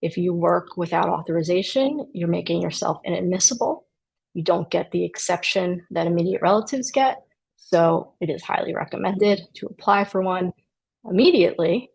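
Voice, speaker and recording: A woman's voice: fairly low pitch, normal speed, creaky, darkish tone, slightly rough, rough recording. A woman immigration attorney explaining a legal process in a conversational way, with dry sarcastic asides. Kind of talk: explanatory talk to camera.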